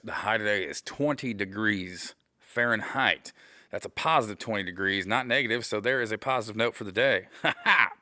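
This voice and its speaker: A man's voice: fairly low pitch, pushed and bright, no room sound, clean studio sound. A man from the Midwestern US hosting a casual podcast from his garage, rambling and joking at his own expense and calling his listeners "guys" over and over. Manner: joking, self-deprecating, repeats "guys" often. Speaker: podcast host. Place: home garage. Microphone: camera mic.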